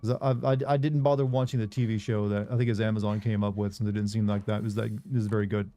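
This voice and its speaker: A man's voice: fairly low pitch, level tone, quick pace, warm tone. A man from Michigan giving casual let's-play commentary, rambling and chatting with viewers as he plays. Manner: rambling, chats with viewers between gameplay. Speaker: gaming streamer.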